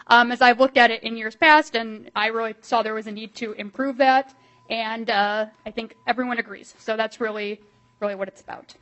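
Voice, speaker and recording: Midwestern woman lawmaker, brisk and lively, higher-pitched, speaking at a committee hearing. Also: rough recording. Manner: quick, animated, filler-heavy delivery. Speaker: state legislator presenting a bill.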